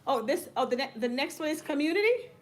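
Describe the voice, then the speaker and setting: A woman's voice: high voice, lively intonation, fast, slight background noise. A woman nursing professor talking casually on camera, chatty and digressive, often breaking into laughter.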